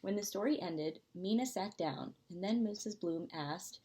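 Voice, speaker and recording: A woman, a preschool teacher, reading a picture book aloud in a gentle storytime voice. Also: mid-range voice, a little slow, few pauses.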